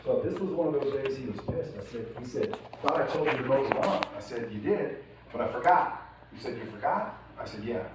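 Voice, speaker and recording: Recorded from a distance in a large, echoey event hall, the audio is very noisy. A keynote speaker with a medium-pitched, expressive voice talks briskly, delivering a casual, profane motivational speech full of stories and frequent laughter to a live crowd.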